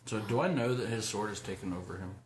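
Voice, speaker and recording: A man's voice: on the low side, quick pace. A man playing a tabletop game, inquisitive and asking about the rules. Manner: inquisitive, asks rules questions. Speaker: player. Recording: roomy room with clear background noise.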